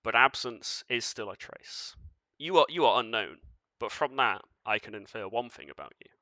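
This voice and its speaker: A man voicing a cold, commanding being of shifting light in a tabletop game, speaking in measured, formal pronouncements. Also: mid-range voice, animated, pushed and bright, no room sound. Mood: dry.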